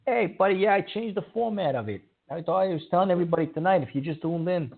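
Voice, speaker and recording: A man's voice: high voice, lively intonation, fast, gravelly, breathy edge. A man hosting a call-in radio show, talking emphatically and repeating himself, scolding callers. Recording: tinny phone-like audio.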